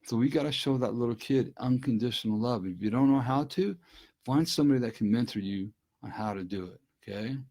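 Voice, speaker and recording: Gravelly middle-aged man, earnest talk. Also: mid-range voice, fairly quick, dark tone. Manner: earnest, heartfelt, speaks to listeners directly. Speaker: recovery speaker. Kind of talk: casual live-stream talk. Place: at a desk at home.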